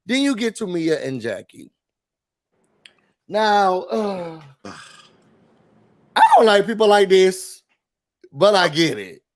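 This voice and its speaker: Brief: high-pitched male co-host, nasal from a cold, animated recap chatter with acted-out quotes. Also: takes it slowly, pauses often. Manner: animated, acts out quotes with big shouts. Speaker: podcast co-host. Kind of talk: casual recap chat.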